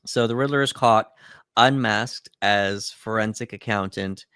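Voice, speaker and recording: Low, smooth-voiced man recapping a film. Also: measured pace, no room sound, studio quality. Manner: steady recapping with frequent fillers. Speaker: podcast co-host. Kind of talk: casual movie breakdown chat.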